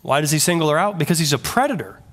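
A male pastor preaching a sermon in an animated way, full of rhetorical questions. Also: a little high, rapid-fire.

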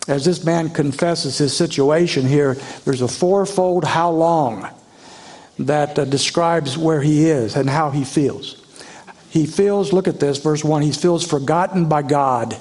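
Male preacher, slightly high pitch, expressive sermon delivery that voices scripture with feeling. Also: measured pace. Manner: expressive preaching, voicing the psalmist's pleas in a rising voice. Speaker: pastor.

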